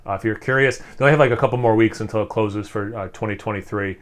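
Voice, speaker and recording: A man's voice: on the low side, fast. A man doing a casual beer tasting review, enthusiastic and rambling, full of fillers and restarts as he sips and savors. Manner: speaking while sipping and savoring.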